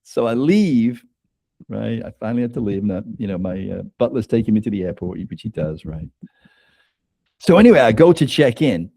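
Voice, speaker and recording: A man's voice: fairly low pitch, animated, fairly quick, creaky, warm tone, husky, no room sound. Dry-voiced man telling a story. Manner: anecdotal, keeps tagging "right?", laughs between lines. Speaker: author guest. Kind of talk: conversational storytelling.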